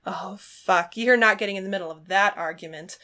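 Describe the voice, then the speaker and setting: A woman's voice: medium pitch, a little fast, sharp tone. Woman narrating a fan story aloud.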